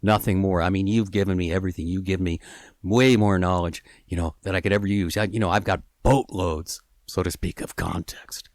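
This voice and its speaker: A man voicing a polite, resigned talking fish in a spoken story, soft-spoken and hesitant. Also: low voice, steady tone, brisk, no echo, studio quality. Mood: gentle, resigned.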